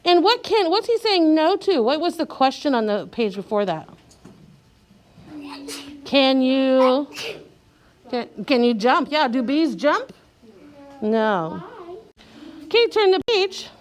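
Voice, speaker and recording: A woman teacher leading a young child through a reading lesson, slow and clear, sounding out letters and encouraging. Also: high voice, big pitch swings.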